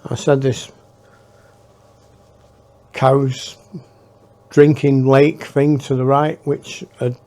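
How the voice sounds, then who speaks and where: A man's voice: mid-range voice, little pitch movement, drawn-out words, long pauses, a little mellow. A man telling his memoir in a rambling, reflective way. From northern England. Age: 60s. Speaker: storyteller. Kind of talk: memoir storytelling.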